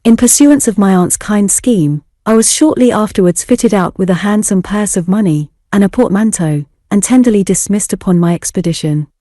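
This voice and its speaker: A woman narrating an audiobook story for English learners in a steady, clear reading. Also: mid-range voice, normal speed, hardly any pauses, no room sound, studio quality.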